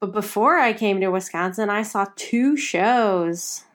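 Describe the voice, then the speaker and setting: A young woman co-hosting a podcast, with a light Midwestern accent. She talks in a chatty, rambling way, full of fillers like "like", at a steady middle pitch. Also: unhurried. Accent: Midwestern American. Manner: chatty, rambling, says like a lot. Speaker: podcast co-host. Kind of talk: casual chat.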